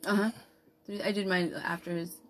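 A woman's voice: on the low side, steady tone, normal speed, slight background noise. A woman in her thirties in casual chat, talking in a distracted way while she checks something.

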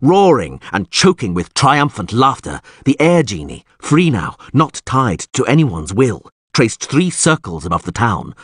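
A man narrates a fantasy audiobook with lively, dramatic swings in his reading. His voice is low and husky. It is recorded dry and close, with no room sound. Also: dry recording.

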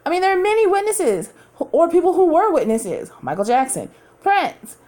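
A woman's voice: extremely high pitch, sing-song, moderate pace, darkish tone. A woman hosting a podcast from home, talking in a candid, chatty way and laughing often. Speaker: podcast host. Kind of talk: casual chat.

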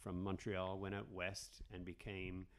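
Low-voiced Canadian-born man telling rambling stories. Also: measured pace, slight background noise. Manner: rambling, animated storyteller with frequent restarts. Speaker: comedian guest. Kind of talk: casual podcast storytelling.

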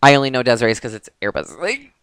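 A woman's voice: a bass voice, lively intonation, fast, a bit bright, clear, resonant tone. A young woman co-hosting a podcast, chatting casually, swearing often and laughing a lot. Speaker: podcast co-host. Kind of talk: casual chat.

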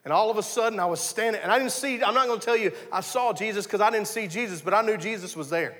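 A man's voice: high-pitched, fast talker, fairly bright tone, big-room sound. A man preaching a conversational sermon, telling his story earnestly and often restarting his sentences. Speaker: pastor.

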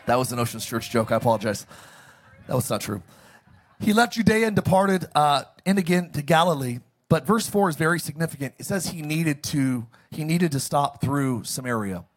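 A pastor preaching a sermon, joking and calling on the congregation to repeat phrases after him. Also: male voice, a little high, lively intonation, moderate pace. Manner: jokey, calls for congregation responses.

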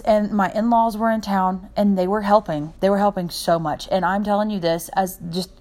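A woman's voice: medium pitch, fairly even intonation, normal speed, few pauses, a little mellow. A young adult woman hosting a podcast, talking without a script in a heartfelt, rambling way and jumping from point to point. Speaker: podcast host. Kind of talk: unscripted personal podcast monologue.

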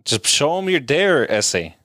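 A man's voice: fairly high pitch, sing-song, unhurried, fairly bright tone, no room sound, clean studio sound. A man in his thirties co-hosting a podcast, an easygoing storyteller who laughs often. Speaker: podcast co-host. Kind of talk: casual chat.

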